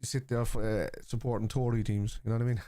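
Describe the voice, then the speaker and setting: A man's voice: on the low side, little pitch movement, fast, dark tone, dry recording, studio quality. A man, hosting a live football watchalong and answering viewers bluntly, with plenty of swearing. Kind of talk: live stream chat reacting to viewers.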